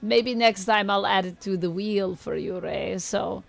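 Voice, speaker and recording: A woman's voice: medium pitch, measured pace, vocal fry, faint music behind. A woman streamer chatting casually with her viewers and answering their comments. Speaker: streamer, tarot reader. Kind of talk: casual livestream chat.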